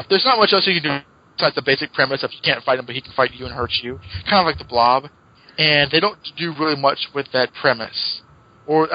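A man's voice: on the high side, muffled recording, slight background noise. A man co-hosting a casual comic book podcast, retelling plots in a chatty way and laughing often. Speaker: podcast co-host.

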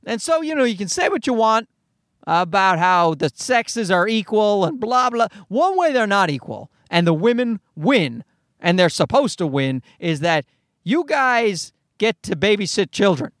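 A man's voice: sits high, very animated, a little slow, a bit bright, dry recording, clean studio sound. A man in his thirties hosting a podcast, delivering a rambling comedic monologue full of swearing and asides. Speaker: podcast host.

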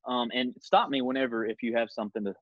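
A man's voice: medium pitch, steady tone, quick pace, no room sound, lo-fi sound. A man hosting a podcast who leads a Bible study conversation, reading scripture aloud and making his points with earnest emphasis. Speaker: podcast host.

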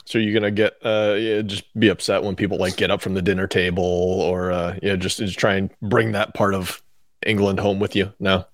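Low-voiced man, podcast co-host, dry teasing, close dry mic. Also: little pitch movement, moderate pace, dry recording. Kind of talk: casual chat.

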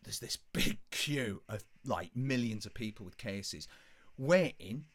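A man's voice: fairly low pitch, expressive, measured pace. A man telling a rambling, sweary anecdote on a casual podcast. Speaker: podcast co-host. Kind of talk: casual storytelling chat.

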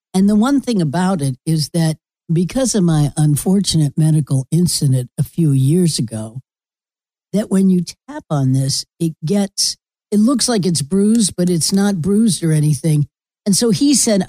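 Low, mellow-voiced woman podcaster rambling. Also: no room sound. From Florida resident. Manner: rambling, blunt and profane storytelling. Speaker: podcast host. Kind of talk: casual monologue.

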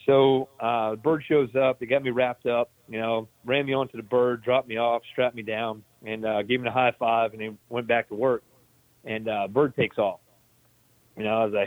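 Profane laid-back veteran on a tinny line. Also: male voice, mid-range voice, fairly even intonation, fairly quick, dry recording. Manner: laid-back, profane, laughs while telling. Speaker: army veteran guest. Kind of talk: casual storytelling.

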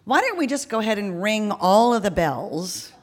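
A woman's voice: mid-range voice, sing-song, moderate pace. A woman voicing her friendly, eager canvassing partner.

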